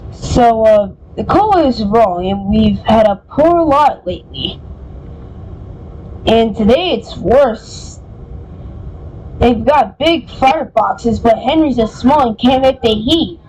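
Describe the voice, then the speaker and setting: A woman's voice: fairly high pitch, expressive, takes it slowly, a little mellow, a little hiss or hum, low-quality recording. Woman voicing a polite working fireman. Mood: respectful. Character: respectful working male engine fireman.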